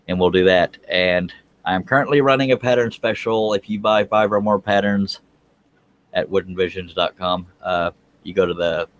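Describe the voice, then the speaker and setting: A man with a fairly low voice hosts a casual panel over a video call. He jokes and teases his guests as he talks. His talk is loose and chatty. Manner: joking, teasing. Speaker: host of a woodworking panel show. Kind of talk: casual chat.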